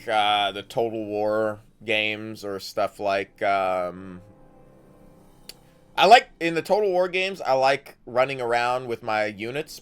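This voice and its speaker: A man's voice: fairly low pitch, clean tone. A man streaming a game, chatting casually in a rambling way and swearing now and then. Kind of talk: casual gameplay commentary. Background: faint game music.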